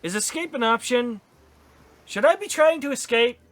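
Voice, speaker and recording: A man's voice: very high voice, animated, moderate pace, a bit bright. A man hosting a let's-play, bemused and joking as he talks back to the game. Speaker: gaming channel host.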